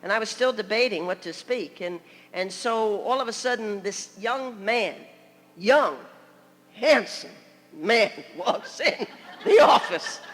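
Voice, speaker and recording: An older woman preaching in a church, her voice bright and forceful. She tells stories with lively humor and laughter. The sound rings with a long hall reverb. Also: mid-range voice, slow, faint music behind, some chatter behind. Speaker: guest preacher. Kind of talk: humorous sermon storytelling. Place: church sanctuary.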